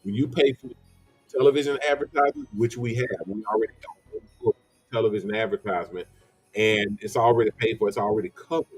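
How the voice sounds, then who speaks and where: Man, livestream host, casual rambling chat, low husky voice, dry close sound. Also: steady tone, a little fast, no echo, faint music behind, poor audio. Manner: rambling, repeating words, greeting viewers by name.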